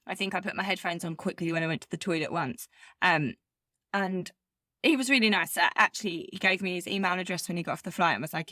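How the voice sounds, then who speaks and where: Talking fast in a fairly low, sharp-toned voice, a female co-host of a podcast rambles through stories during casual conversation, saying "like" constantly. She lives in Bermuda as an expat, and the studio recording is clean with no echo.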